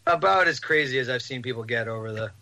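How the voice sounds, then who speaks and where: A man on a podcast, telling a rambling, animated story with laughs. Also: mid-range voice, fast. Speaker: podcast host. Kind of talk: casual storytelling.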